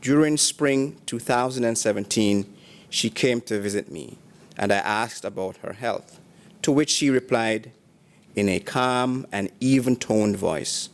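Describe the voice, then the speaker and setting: A man's voice: mid-range voice, measured pace. Man reading graduation tributes aloud. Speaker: ceremony announcer reading tributes.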